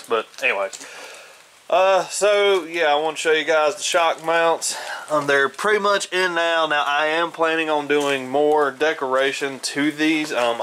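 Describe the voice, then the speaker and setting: Man, casual DIY vlogger, bright forceful tone, rambling with lots of ums, faint background noise. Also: mid-range voice, low-quality recording. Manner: rambling, frequent ums and uhs. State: groggy, just woken up. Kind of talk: casual workshop vlog. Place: inside his house.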